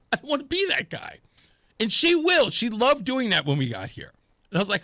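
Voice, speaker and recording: Talk radio host: bright-toned, high-pitched man, dry close studio mic, animated delivery. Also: brisk, dry recording. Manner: animated, laughing storyteller. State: tired, pollen in his throat. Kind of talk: casual talk radio monologue. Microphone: studio microphone.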